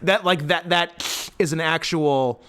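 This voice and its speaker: A man's voice: fairly high pitch, slow, a bit bright, a little hiss or hum. A young man co-hosting a podcast in casual banter, rambling and trailing off, laughing often. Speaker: podcast co-host.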